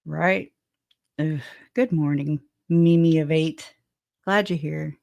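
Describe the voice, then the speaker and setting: A woman's voice: sits low, fairly even intonation, takes it slowly, vocal fry, long pauses, darkish tone, no echo, studio quality. A woman hosting a casual true-crime livestream, chatting with viewers and laughing often between joking asides. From southwest Louisiana. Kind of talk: casual livestream commentary, greeting chat.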